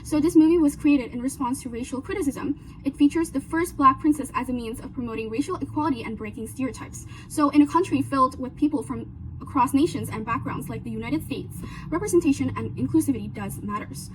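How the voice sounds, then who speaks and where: In poor audio with slight background noise, a young woman earnestly walks her class through a presentation, listing her points with "so" and "now." She talks fast in a high voice.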